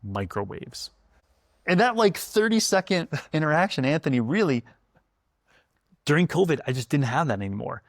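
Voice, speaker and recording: A man's voice: on the high side, lively intonation, fairly quick, no room sound. Man, food historian guest, chatty and jokey, dry close sound. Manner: chatty storyteller, jokey asides. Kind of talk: casual podcast conversation.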